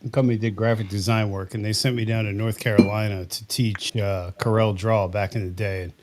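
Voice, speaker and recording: A man's voice: on the low side, flat delivery, fairly quick, noisy background. Man, casual chatter, rambling anecdotes. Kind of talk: casual group chat.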